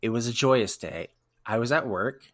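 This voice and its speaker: A man co-hosting a casual podcast, telling stories in an emotional, animated way. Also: mid-range voice, moderate pace, dry recording, clean studio sound. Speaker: podcast co-host.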